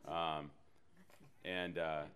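A man preaching a sermon, telling a personal story with animated delivery and self-deprecating humor. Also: a bass voice, drawn-out words. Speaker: pastor.

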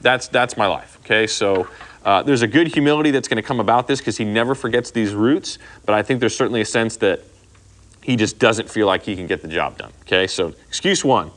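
A man's voice: lowish voice, a little fast, a bit bright. Casual man teaching a Bible study. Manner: conversational, says "okay?" often, acts out quoted speech.

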